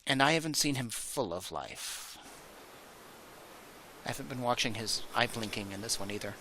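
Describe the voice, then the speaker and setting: A man's voice: mid-range voice, lively intonation, moderate pace, noisy background. A middle-aged man hosting a reaction show, talking candidly with frequent restarts and fillers. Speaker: host. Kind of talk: casual reaction commentary.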